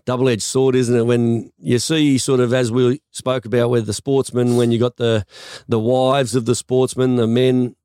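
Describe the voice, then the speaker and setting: A man's voice: medium pitch, level tone, moderate pace, few pauses, dark tone, clear, resonant tone, no echo. Rambling man hosting a podcast. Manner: rambling, restarts sentences, chatty filler-heavy questions. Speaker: podcast host. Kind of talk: casual interview chat. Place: podcast studio booth.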